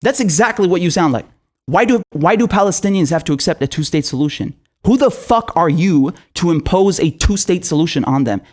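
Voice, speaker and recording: A man's voice: fairly high pitch, expressive, brisk, darkish tone. A man giving an angry, profane political rant to camera, sarcastic and repeating himself for emphasis. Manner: mocking mimicry in asides. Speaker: political commentator.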